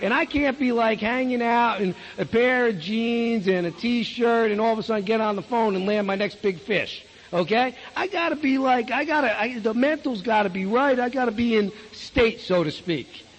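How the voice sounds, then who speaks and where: A man with a high voice coaches a live audience on prospecting. He is blunt and folksy and keeps asking the room questions. The sound carries the long reverb of a big hall. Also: normal speed, few pauses. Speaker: business opportunity trainer. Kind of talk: live sales training talk.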